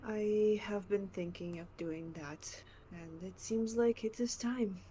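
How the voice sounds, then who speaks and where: A woman's voice: medium pitch, slow, dark tone, a little hiss or hum, close to an everyday voice. A woman voicing an earnest female adventurer who speaks in a hesitant, heartfelt way. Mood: resolute.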